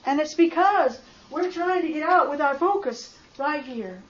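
Woman with a high voice giving an emotional testimony that swings from quiet to loud, recorded roomy and slightly dull. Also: animated, a little slow. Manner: impassioned storytelling that swings from hushed to loud outbursts. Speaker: speaker sharing a faith testimony.

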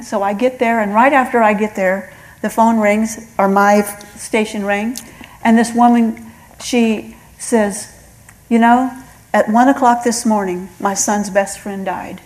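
A woman's voice: on the high side, a little mellow, low-quality recording. Earnest middle-aged woman sharing testimony. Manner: earnest storytelling, acting out voices of God and callers. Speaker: testimony speaker. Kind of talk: spoken testimony.

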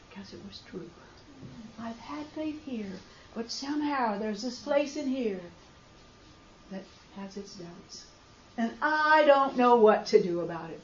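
A woman telling a faith testimony, swinging from hushed storytelling to loud outbursts. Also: on the high side, animated, unhurried. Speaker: speaker sharing a faith testimony. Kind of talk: emotional personal testimony. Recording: roomy, slightly dull recording.

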